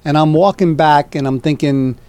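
A man's voice: a little high, normal speed, clear, resonant tone, dry recording. A middle-aged man, an actor, telling a long anecdote in a casual interview and acting out the people he quotes. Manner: animated anecdote teller, acts out quoted voices. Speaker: actor guest.

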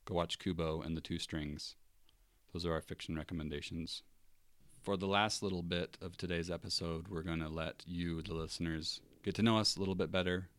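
A man with a very low voice co-hosts a podcast and talks with eager enthusiasm. He chats casually, hyping up what he loves. The sound is close and dry. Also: fairly even intonation, fairly quick, a bit bright, no room sound. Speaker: podcast co-host. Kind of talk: casual chat.

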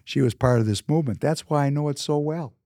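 A man's voice: a little high, quick pace, dark tone, no echo, studio quality. A man in his fifties from Minnesota tells personal stories in a casual monologue, emphatic and often repeating words for emphasis. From Minnesota, United States. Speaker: businessman.

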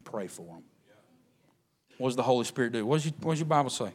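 A man preaching a sermon in a folksy, joking way, swinging from low and soft to loud, high shouting. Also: expressive, fast.

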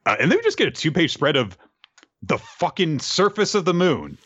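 A man's voice: fairly high pitch, huge pitch swings, moderate pace, a bit bright, slightly rough. A young man hosting a casual podcast, recapping a story loosely with swearing and fillers. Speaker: podcast host. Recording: slightly dull, dry sound.

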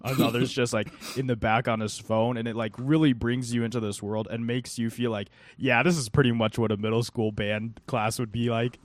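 A man's voice: medium pitch, flat delivery, moderate pace, few pauses, no echo. A young man co-hosting a podcast, talking earnestly in casual chat with many fillers. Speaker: podcast co-host.

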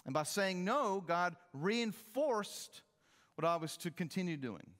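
A man's voice: animated, measured pace, a bit bright, long reverb tail. A man preaching a sermon as pastor, with emphatic delivery that rises and falls. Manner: emphatic preaching, rising and falling in pitch.

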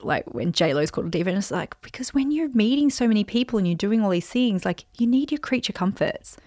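A woman's voice: medium pitch, animated, quick pace, darkish tone, no echo, studio quality. A woman hosting her own show, telling a story in a chatty, rambling way with lots of "like" and "you know". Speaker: podcast host and speaker. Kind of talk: casual storytelling monologue.

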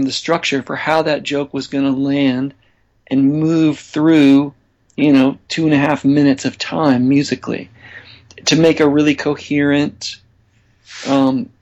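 A man being interviewed as a songwriter guest, talking in a relaxed, chatty way and laughing easily. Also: medium pitch, takes it slowly, highs cut off. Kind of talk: casual interview chat.

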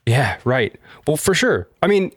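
Young man, casual podcast chat, animated swearing rants, dry close sound. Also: mid-range voice, measured pace, husky, no echo. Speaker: podcast co-host.

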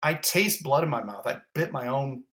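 A man's voice: medium pitch, animated, moderate pace, a bit bright. Intense man recounting a trauma. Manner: intense, vivid, graphic retelling in short repeated clauses. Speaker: fire captain, guest. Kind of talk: personal storytelling in a podcast interview.

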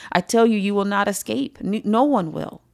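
A woman's voice: mid-range voice, a little slow, creaky, no room sound, studio quality. A woman teaching a morning Bible study in an earnest, conversational way, often checking in with her listeners. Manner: earnest, conversational, with frequent "right?" asides.

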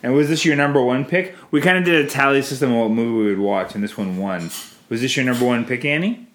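Man hosting a gently coaxing home podcast. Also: mid-range voice, fast. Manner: gently coaxing questions, frequent restarts. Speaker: podcast host interviewing his children. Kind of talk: casual family chat about a movie. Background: faint cleaning noise.

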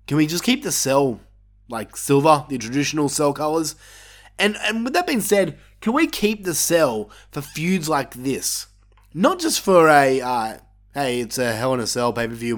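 A man hosting a wrestling podcast, giving a casual, opinionated review monologue with plenty of swearing and bursts of excitement. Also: mid-range voice.

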